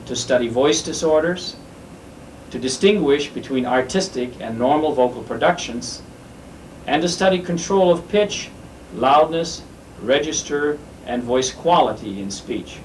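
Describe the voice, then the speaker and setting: A man's voice: mid-range voice, animated, a little slow. A man researcher giving a scripted, earnest explanation of his lab work. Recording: distant mic with faint hum.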